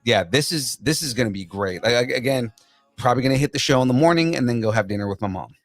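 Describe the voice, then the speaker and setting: A man's voice: mid-range voice, expressive, quick pace, faint music behind. A man co-hosting a pop-culture podcast, chatting enthusiastically and rambling with restarts. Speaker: podcast co-host. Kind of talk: casual chat.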